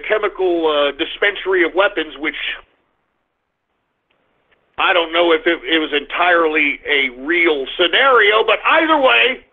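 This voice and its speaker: Older male talk radio host, high-pitched, fiery and repetitive, with tinny phone-quality sound. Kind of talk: political talk radio monologue.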